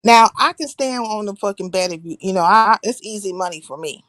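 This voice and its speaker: A woman hosting a casual live stream, talking bluntly and swearing freely, pausing to shout out viewers by name. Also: medium pitch, no room sound.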